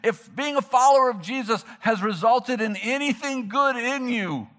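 A man preaching a sermon, animated and emphatic, acting out the people he quotes. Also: very high voice, moderate pace. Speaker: pastor.

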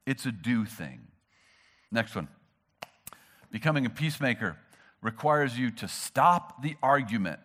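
A man preaching a sermon, animated and emphatic, acting out the people he quotes. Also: mid-range voice. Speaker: pastor.

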